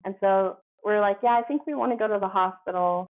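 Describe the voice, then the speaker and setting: Here a female podcast guest recounts her story in a casual, chatty way at a slightly fast clip, her pitch medium. "Like" comes up again and again, and she performs the quoted lines. The recording is narrow-band, much like a phone call.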